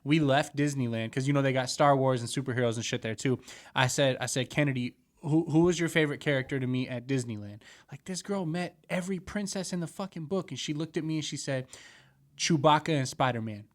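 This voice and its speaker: A young adult man, a podcast co-host, telling animated, profane stories in casual studio banter. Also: medium pitch, fast. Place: recording studio.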